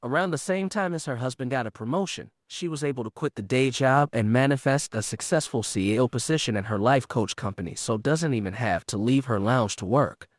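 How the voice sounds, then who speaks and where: A man with a mid-range voice reads a passage in a flat, measured way. The recording is close and dry, with little room sound. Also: medium pitch, no echo. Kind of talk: reading a letter aloud.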